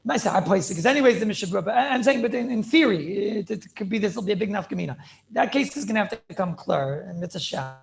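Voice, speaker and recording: A rabbi teaching a Talmudic class over a video call, repeating phrases and checking in with "right?" and "clear?". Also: male voice, high voice, lively intonation, fast.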